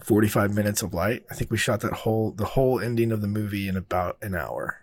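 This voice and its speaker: A man's voice: fairly low pitch, fast. A man, a filmmaker, telling a long behind-the-scenes story in a casual, rambling way, full of fillers and swearing. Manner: rambling, laid-back, heavy on fillers and swearing.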